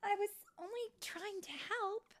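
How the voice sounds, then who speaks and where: A woman voicing an eager young female fairy in a read-aloud storybook, pitched high and pleading. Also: wildly swooping pitch, slow, heavily acted.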